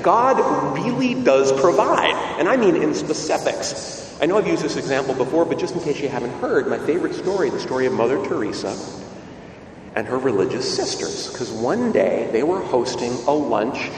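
A man's voice: mid-range voice, brisk, very echoey, in a large hall, distant mic, slight background noise. A male priest giving a sermon, telling stories and asking rhetorical questions. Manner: expressive storytelling, rhetorical questions.

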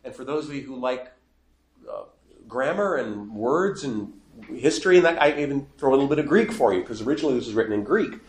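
Male preacher, mid pitch, animated sermon delivery, echoey room. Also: brisk. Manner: animated, rising to emphatic quoted lines.

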